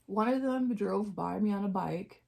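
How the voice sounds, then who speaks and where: A woman vlogger chatting candidly while doing her makeup, jumping up in pitch at times and dropping into half-whispered asides. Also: moderate pace, vocal fry, warm tone.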